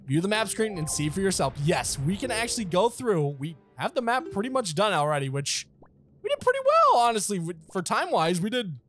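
A young man playing through a video game, chatting excitedly, laughing often and talking back to the game. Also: high voice, fairly quick, hardly any pauses, faint music behind. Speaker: gaming channel host. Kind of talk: let's play commentary.

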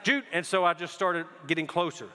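Pastor preaching in a reverberant hall. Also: male voice, mid-range voice, moderate pace, bright, forceful tone. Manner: conversational storytelling, often repeats words. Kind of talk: sermon. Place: church sanctuary.

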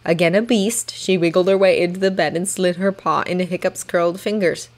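A woman reading a fanfiction story aloud in steady storytelling narration. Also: lowish voice, fairly quick. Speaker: fanfiction reader. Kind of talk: audiobook narration.

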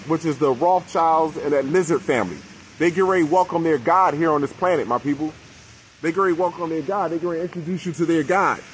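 Man, fairly high voice, fiery profane monologue to camera. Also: a little hiss or hum. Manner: profane, preachy, addresses his people. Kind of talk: impassioned conspiracy rant.

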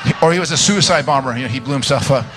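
Bright, lively charismatic preacher man. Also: mid-range voice, racing. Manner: animated, joking storyteller, loud fervent praying. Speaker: guest preacher. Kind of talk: charismatic sermon with prayer.

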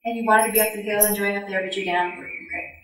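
A woman telling stories to an audience in an animated way, acting out her own past thoughts and often laughing. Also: mid-range voice, fast. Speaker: speaker sharing recollections. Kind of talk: storytelling talk to an audience. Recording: echoey hall from far off.

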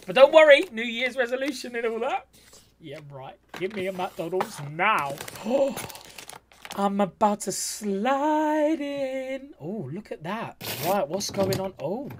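An excitable man reacts with camp, cheeky commentary, his voice leaping all over the place. Loud keyboard clicking runs underneath the whole recording. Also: high-pitched, noisy background. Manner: camp, cheeky, gasping and squealing. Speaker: reaction video host.

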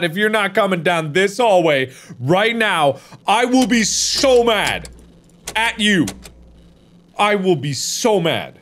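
A young man hosting a horror game video, yelling and cursing at the game, then muttering to himself. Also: sits high, big pitch swings, takes it slowly. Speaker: gaming video host.

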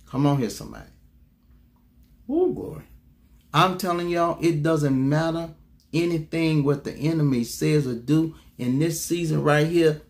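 A preacher with a voice a touch higher than most men delivers a sermon. He says his main points twice and keeps calling out to the congregation. His pitch jumps suddenly when he presses a point. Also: steady tone, moderate pace, darkish tone. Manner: emphatic, repeats key lines, sudden leaps in pitch; calls out to the congregation for response.

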